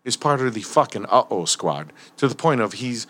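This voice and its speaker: Man, casual storytelling, profane, lively pitch. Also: moderate pace. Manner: animated, profane, acts out quotes. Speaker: firefighter guest telling stories.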